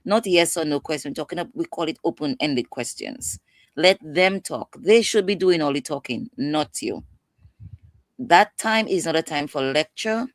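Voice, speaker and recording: A woman's voice: sits low, lively intonation, normal speed, no echo. A woman guest in an interview, explaining advice in an emphatic, passionate way. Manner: passionate, emphatic, acts out quotes. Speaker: guest expert on mental health. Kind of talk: instructive interview talk.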